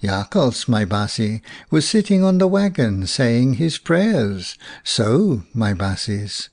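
A man voicing a gentle, sly old storyteller who drawls, with Afrikaans words mixed in. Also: mid-range voice, big pitch swings, slow pace, full character voice. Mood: wry.

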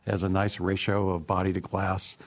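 Gravelly, low-voiced man telling stories. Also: level tone, a little fast. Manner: easygoing, anecdotal, many fillers. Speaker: automotive product executive. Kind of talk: interview answers, storytelling.

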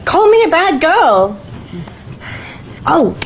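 A woman in a short played-back clip, speaking in a breathy, teasing way. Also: extremely high pitch, sing-song, drawn-out words. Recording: dull muffled clip with faint noise.

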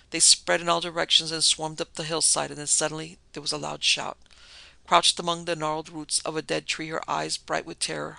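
Male narrator, dramatic storybook read, bright and fairly high. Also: gravelly, no room sound.

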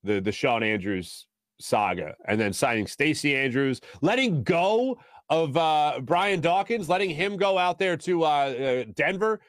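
A man hosting a sports talk show, talking with a fairly high voice. He tells stories in an animated, rambling way, full of quick asides. The studio sound is close and dry, with no room around the voice. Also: dry recording. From Philadelphia. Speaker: sports radio host. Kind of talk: casual sports talk, storytelling.

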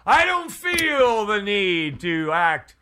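A man from Canada hosting a radio talk show, loud and excitable, bantering off the cuff and laughing often. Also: sits high, takes it slowly, a little hiss or hum.

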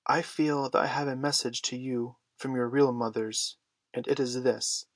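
A man's voice: medium pitch, steady tone, moderate pace, no room sound, natural voice. A man voicing a firm, contemptuous young girl who mothers a band of boys.

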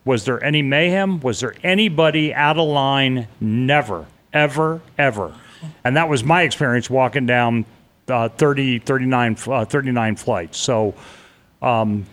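A middle-aged man tells his story in earnest, halting conversation. He stumbles and restarts mid-sentence and slips into the voices of the people he remembers. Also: mid-range voice, fairly bright tone. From New York. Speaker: interviewee recounting a disaster escape.

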